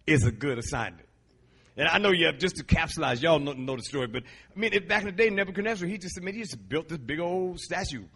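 A middle-aged man, a Christian musician, preaching in a lively storytelling way, laughing often and stretching words for emphasis, with a husky voice. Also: high-pitched. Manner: animated, laughing, drawn-out emphasis. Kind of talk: storytelling sermon.

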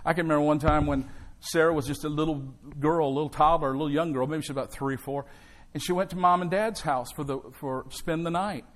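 A man's voice: on the high side, fairly even intonation, fast. A male pastor delivering an emphatic sermon in a church, with call and response to the congregation.

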